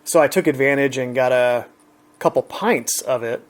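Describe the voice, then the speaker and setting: A man's voice: medium pitch, moderate pace. A man relaxedly retelling an everyday encounter in a chatty, conversational way. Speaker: storyteller. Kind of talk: casual anecdote.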